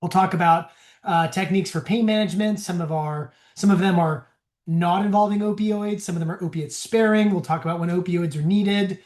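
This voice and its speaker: A man's voice: high voice, a little fast, a little mellow. A man, a physician, giving a casual continuing-education lecture in a conversational, bantering way. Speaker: physician presenter. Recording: echoey room.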